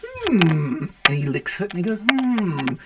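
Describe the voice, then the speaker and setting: A man narrating as the game master of a tabletop game, halting, with many fillers and restarts. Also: fairly high pitch, lively intonation, heavy background noise.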